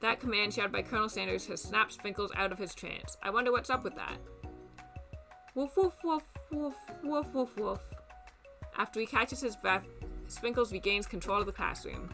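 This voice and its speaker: A woman's voice: medium pitch, steady tone, fairly quick, pushed and bright, soft background music. A young woman streamer reading a dating game's text aloud, adding playful, wry asides.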